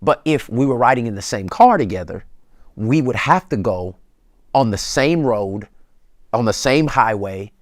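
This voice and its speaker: A man, a pastor as guest, giving relationship advice in a colloquial, emphatic preacher-like way that builds to excited peaks. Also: mid-range voice, no echo, studio quality.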